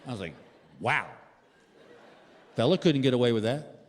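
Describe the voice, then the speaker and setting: A man's voice: medium pitch, very fast. A man in his sixties doing stand-up, telling stories and talking to the crowd in a theater. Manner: storytelling, animated, addresses the crowd. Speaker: stand-up comedian. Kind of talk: stand-up comedy. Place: theater stage. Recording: long theater reverb, faint noise.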